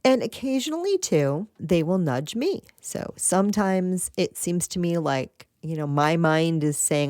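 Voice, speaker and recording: Low-pitched lady chatting on her podcast, lots of little laughs, dry mic. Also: measured pace, few pauses, no echo. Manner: chatty, laughs often, lively asides. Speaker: podcast host. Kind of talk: casual spiritual podcast monologue.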